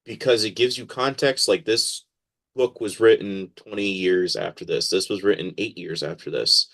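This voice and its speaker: A man with a fairly low voice, talking as a podcast guest in a loose, casual interview. He is animated and keeps slipping into quoted voices as he explains. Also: moderate pace, gravelly.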